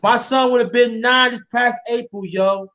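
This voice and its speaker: A man's voice: very high voice, fairly even intonation, moderate pace, sharp tone. A man hosting a casual chat, talking with passion and addressing listeners directly, often repeating himself. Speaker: host.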